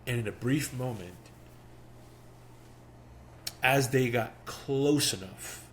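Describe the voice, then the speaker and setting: A young man hosting a podcast, telling a personal story in a casual, animated way and acting out the quotes. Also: mid-range voice, takes it slowly, slight background noise. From Miami. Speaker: podcast host.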